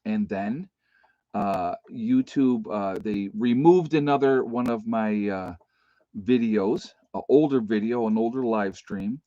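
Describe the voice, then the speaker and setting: Low-voiced rambling folksy man. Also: slow pace, mellow, dry recording. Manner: rambling, folksy, many fillers. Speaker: livestream host. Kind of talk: casual live-stream chat. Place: rural home. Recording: dull lo-fi stream audio.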